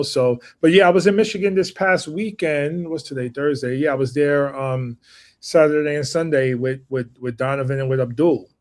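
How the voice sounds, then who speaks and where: A man chatting casually as a guest, relaxed and easygoing, with lots of fillers. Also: medium pitch. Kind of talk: casual chat.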